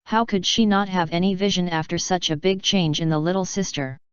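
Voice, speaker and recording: Female reader voicing an excitable shy young woman, lower voice, dull lo-fi audio. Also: brisk, clean tone, dry recording, lightly acted. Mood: suspicious. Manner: eager, excited suggesting. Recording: slightly dull lo-fi recording.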